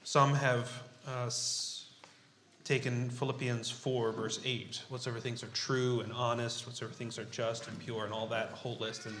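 A man preaching a sermon. He talks in an unhurried, halting way with frequent fillers and leads a scripture reading. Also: medium pitch, flat delivery, fairly bright tone, a little hiss or hum. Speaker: pastor. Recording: roomy echo.

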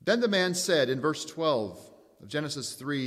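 A man preaching a sermon in a measured, emphatic way, asking rhetorical questions. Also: fairly high pitch, expressive, fairly bright tone, big-room sound.

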